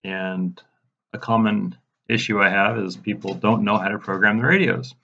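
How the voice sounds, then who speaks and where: Low-voiced man walking through software setup. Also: normal speed, creaky, lo-fi sound, a little hiss or hum. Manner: casual, step-by-step, mildly exasperated. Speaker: radio programming instructor. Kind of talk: screen-recorded software tutorial.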